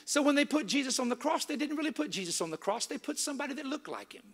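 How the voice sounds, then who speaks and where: Emphatic high-voiced male preacher. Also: big pitch swings, very fast, fairly bright tone. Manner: emphatic, repeats key points to a live audience. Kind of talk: sermon.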